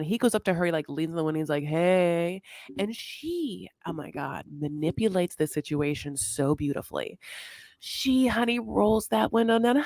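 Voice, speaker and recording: A woman's voice: lowish voice, dry recording. A woman co-hosting a casual recap chat, telling the story with dramatic asides. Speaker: podcast co-host.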